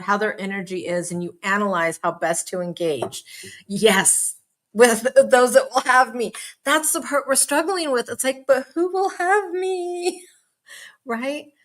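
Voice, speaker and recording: A woman hosting a casual live chat, reading out viewer comments in a bubbly, hyper, chatty way with quick asides and laughs. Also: mid-range voice, steady tone, a bit bright. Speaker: live stream host. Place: home.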